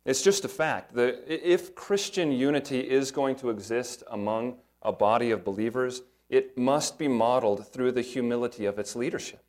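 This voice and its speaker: A man's voice: medium pitch, normal speed, few pauses, a little mellow. Man preaching an emphatic sermon. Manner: earnest, emphatic preaching with rhetorical questions. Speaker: pastor.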